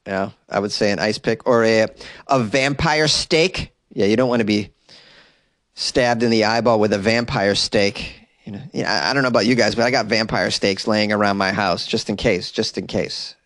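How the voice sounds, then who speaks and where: Guy doing a comedy news podcast from his closet, dry close sound, keeps going off on silly tangents and squeaking up high. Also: normal speed, a bit bright, no echo. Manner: rambling, joking asides with sudden high exclamations. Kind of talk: comic news commentary. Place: small closet in an apartment. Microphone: desk mic in closet.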